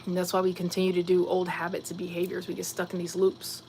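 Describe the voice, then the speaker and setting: Her voice is fairly low, monotone, and a little mellow, with slight background noise behind it. She's a livestream host from Virginia, USA, who muses reflectively and answers comments directly, peppering her talk with fillers and quick asides.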